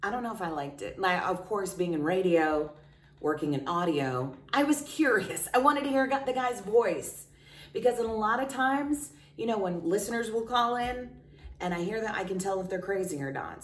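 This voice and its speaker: A woman's voice: mid-range voice, lively intonation, moderate pace. A woman vlogger telling a personal story in a candid, chatty, self-mocking way. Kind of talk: casual confessional storytelling. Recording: roomy sound, distant from mic.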